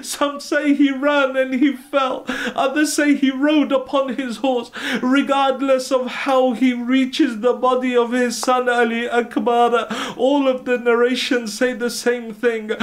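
A man's voice: very high voice, flat delivery, unhurried, few pauses. A sheikh delivering an impassioned, tearful mourning sermon, breaking into cries as he recounts the story. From United Kingdom.

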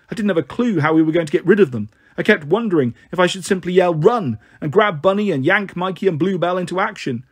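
A man reading a children's novel aloud, lifting his voice to play the characters. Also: breathy edge. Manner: voices the characters with a raised pitch. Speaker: storyteller.

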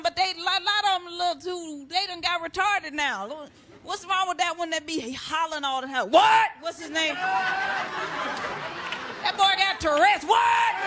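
A middle-aged woman doing a loud, brash stand-up comedy routine, shouting out to a live audience. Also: extremely high pitch, heavy background noise. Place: stage before a live studio audience.

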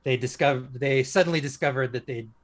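A man, a former police officer, speaking as an interview guest and telling a story in a casual, halting way, full of restarts and fillers. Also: mid-range voice.

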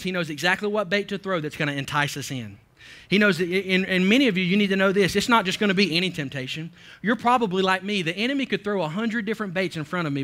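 A man's voice: high voice, pushed and bright. A man preaching a sermon as pastor in a church, emphatic and full of repetition, restarting his phrases as he drives each point home.

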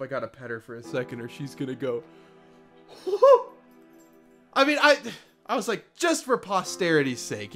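A man giving casual gameplay commentary at home, excitable and quick to break into high-pitched shrieks and laughter, speaking into a desk mic with a windscreen while wearing headphones. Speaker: let's play gamer. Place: home room with his puppy nearby.

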